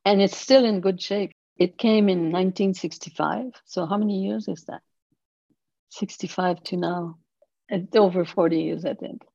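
A woman in her eighties, an interview guest telling stories slowly and thoughtfully, laughing softly now and then. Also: fairly low pitch, creaky, no room sound, muffled recording. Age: 80s. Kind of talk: storytelling in conversation.

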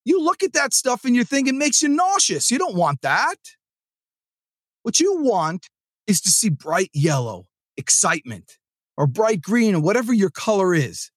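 This sales-podcast host from New Jersey, also a sales trainer, has a high voice and a moderate pace, recorded with no room sound. He rambles through an animated, casual motivational talk, frequently starting his sentences over.

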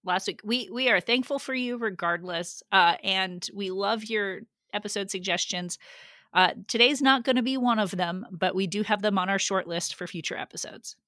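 A woman's voice: medium pitch, moderate pace, sharp tone, no echo, studio quality. A woman hosting a geeky podcast, playful and giggly in casual chat, humming silly sound effects. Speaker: podcast host.

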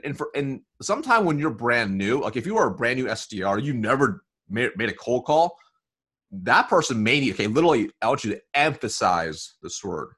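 A man being interviewed as a sales coach, explaining in an energetic conversational way, often checking in with "right?" and "you know". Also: on the low side, husky.

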